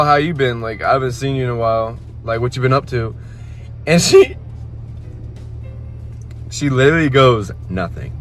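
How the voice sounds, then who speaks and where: A young man vlogging casually to camera about his gym day, telling a rambling, slangy story. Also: medium pitch. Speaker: fitness vlogger. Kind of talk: casual vlog talk to camera.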